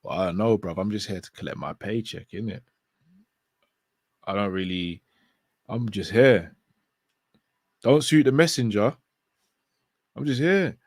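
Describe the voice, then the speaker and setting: A man's voice: fairly low pitch, expressive, measured pace, pauses often, a little mellow, no echo. A young man, a laid-back co-host bantering in casual slang about football.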